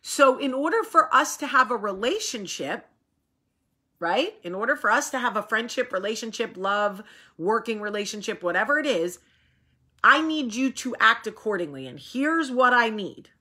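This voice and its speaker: Bright, blunt woman with a cold. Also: on the high side, normal speed, husky. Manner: blunt, animated storytelling with quoted voices. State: coming down with a cold. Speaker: host. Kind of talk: casual chat.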